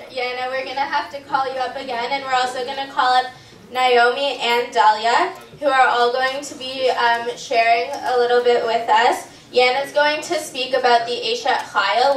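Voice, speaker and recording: Woman hosting, distant echoey hall. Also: a little high. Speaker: event host. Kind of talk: announcing. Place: hotel function room.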